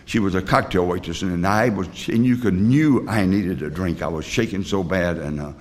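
An older man with a fairly low voice, sharing his recovery story with a group. He talks bluntly and plainly and rambles, with lots of "uh" and "you know" and sentences he restarts. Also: normal speed. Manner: plain, blunt working-class talk. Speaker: recovery meeting speaker.

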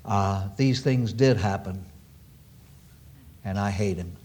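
A man's voice: on the low side, slow pace, a little mellow, husky. A man preaching a sermon to an audience, emphatic and repeating key phrases for weight.

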